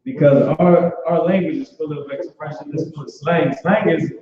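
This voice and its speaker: A man leads an informal online language class in a loose, chatty way, full of restarts. His voice sits a little high. The call audio is very echoey and dull. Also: steady tone, normal speed, a little mellow. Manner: loose, conversational, repeats "boom" and restarts often. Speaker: class teacher.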